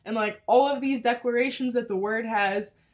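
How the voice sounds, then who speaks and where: A woman's voice: on the high side, steady tone, normal speed. A young woman hosting a casual faith podcast, chatty and full of fillers, a little out of breath close to the mic. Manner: chatty, frequent fillers and laughs. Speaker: podcast host.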